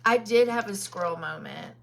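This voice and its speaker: A woman's voice: medium pitch, animated, moderate pace, vocal fry, a little hiss or hum. A woman from Kentucky with a Southern accent, hosting a casual makeup live stream and chatting with viewers by name between many ums.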